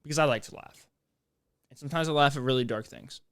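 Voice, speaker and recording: A man's voice: mid-range voice, fast talker, fairly bright tone, smooth, no room sound, clean studio sound. A young man hosting a podcast in a casual, rambling monologue, joking and restarting his sentences. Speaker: podcast host.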